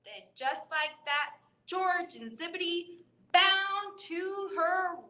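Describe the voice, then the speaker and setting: A woman reading a bedtime picture book aloud to children in a library storytime, expressive and playful with animal sounds. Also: extremely high pitch, takes it slowly, roomy sound, slight background noise, rough recording. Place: library room.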